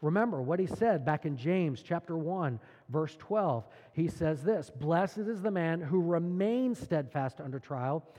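A man's voice: on the high side, lively intonation, measured pace, few pauses, dark tone, in a large hall. A man preaching a sermon as pastor, earnest and emphatic, asking the congregation rhetorical questions.

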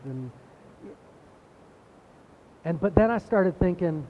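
A man delivers a sermon in a relaxed, conversational way, stumbling over and repeating words as he builds toward his points. His voice sits a little high for a man. The recording sounds slightly muffled, with a faint low rumble underneath. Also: moderate pace. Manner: conversational preaching, repeats words, rising emphasis. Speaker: pastor.

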